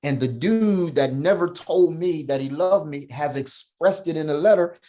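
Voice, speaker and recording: A man's voice: a little high, normal speed, dark tone. A middle-aged man telling a personal story as a podcast guest, emphatic, often checking in with "right?" and "man".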